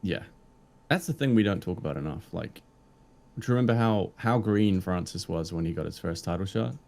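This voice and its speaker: A man's voice: sits low, expressive, fairly quick, vocal fry, darkish tone. A man co-hosting a podcast in casual chat, laid-back, often answering with short agreements. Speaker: podcast co-host.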